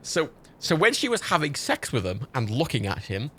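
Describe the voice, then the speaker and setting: A man's voice: medium pitch, wildly swooping pitch, moderate pace, bright, forceful tone, breathy edge. A young man streaming a game, rambling through stories and swearing freely in casual chat. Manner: rambling, swearing, laughing storyteller. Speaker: livestream gamer.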